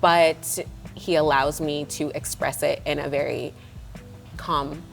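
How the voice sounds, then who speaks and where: A woman's voice: deep voice, fairly even intonation, takes it slowly, gravelly, soft background music, rough recording. A young woman speaking candidly and chattily in a casual church discussion, often restarting her phrases.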